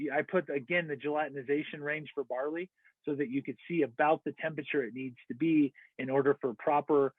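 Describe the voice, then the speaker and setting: A man's voice: fairly high pitch, no echo. An American man giving an online lecture, explaining step by step with fillers and self-corrections. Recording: tinny phone-like dry audio.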